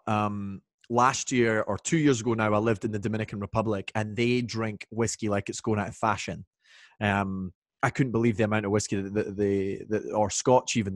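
A man with a Scottish accent, a guest in a casual video-chat interview, talking in a relaxed, jokey way with plenty of ums and restarts. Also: fairly low pitch, no echo, studio quality. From Scotland. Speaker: whisky brand ambassador guest. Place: home, indoors. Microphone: video call.

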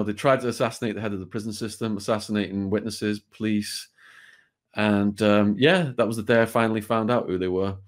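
A British man, a guest on an interview show, telling a true story in a vivid, blunt way with the odd swear word. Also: mid-range voice.

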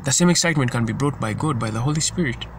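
A man's voice: medium pitch, rapid-fire, noisy background. A man giving an informal sermon in an earnest, repetitive way, often stumbling and restarting his sentences. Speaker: preacher.

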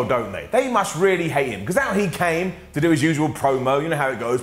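A British man recaps a show with a sarcastic, joking delivery, his voice a little high and swinging widely in pitch. The room is echoey, with faint music underneath. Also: sing-song, fast, hardly any pauses. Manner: sarcastic, jokey, full of acted quotes. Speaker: wrestling show reviewer.

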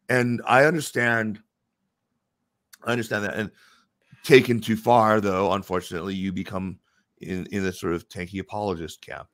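Guy with a lowish voice explaining stuff slowly and carefully, dry close sound. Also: fairly even intonation, fairly bright tone, no echo. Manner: measured, explanatory, with pauses and restarts. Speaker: interview guest. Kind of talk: casual conversational interview.

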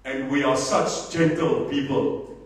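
A man with a South African accent giving a rousing political speech, emphatic, swinging from low asides to shouting. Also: fairly even intonation, slow pace. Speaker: political party leader. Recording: echoey hall, mic far off.

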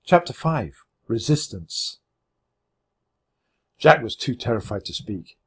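A man reading a children's chapter book aloud with expressive, dramatic storytelling. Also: medium pitch, slow pace, husky. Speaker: audiobook reader. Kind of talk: children's audiobook narration.

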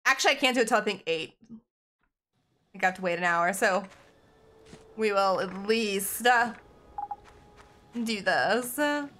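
A woman's voice: mid-range voice, animated, a little slow, long pauses, a bit bright, slight background noise. A young woman casually talking through a game as she plays, thinking aloud and chatting to viewers. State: has the hiccups. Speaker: gaming channel host. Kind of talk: casual gameplay commentary.

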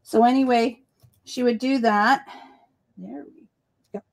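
A woman's voice: fairly high pitch, steady tone, slow, gravelly, darkish tone. A woman with a Boston accent, hosting a casual crafting livestream and telling stories in a rambling, self-correcting way. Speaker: host.

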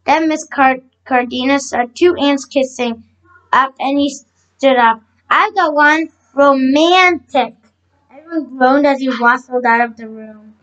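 A woman with a high voice narrates a children's chapter book aloud. She stumbles on words and goes back to fix them, reading at an easy storytime pace. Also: steady tone, normal speed, fairly bright tone, highs cut off. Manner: frequent slips and self-corrections. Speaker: storybook reader.

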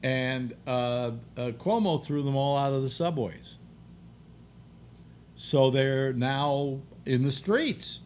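A man's voice: mid-range voice, takes it slowly, a little hiss or hum. An older man hosting a talk show, rambling bluntly and grumbling through restarts. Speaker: radio talk show host. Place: apartment.

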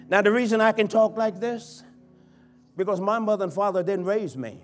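A man with a notably high voice preaches a sermon in a church. He is fervent and dynamic, sinking to quiet pleading and then surging to full-voiced cries as a bishop. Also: normal speed, faint music behind. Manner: impassioned preaching that swings from hushed to shouting. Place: church sanctuary.

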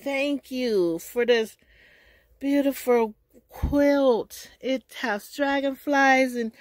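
Slow-talking excited woman vlogger. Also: high voice, dry recording. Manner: gushing, excited, repeats exclamations. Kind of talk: casual storytime vlog. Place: at home. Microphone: phone camera held in one hand.

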